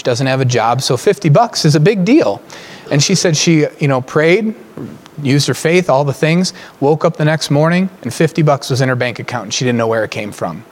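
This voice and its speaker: A man preaching as a pastor, telling a story with humor, laughing often and jumping much higher in pitch when excited. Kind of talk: storytelling sermon.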